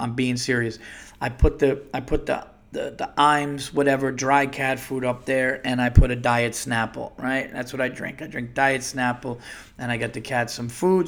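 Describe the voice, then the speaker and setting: A man hosting a comedy podcast, telling profane stories and acting out the people in them. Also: mid-range voice. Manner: profane, animated, acts out voices in quotes. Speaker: podcast host. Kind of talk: comedic storytelling monologue.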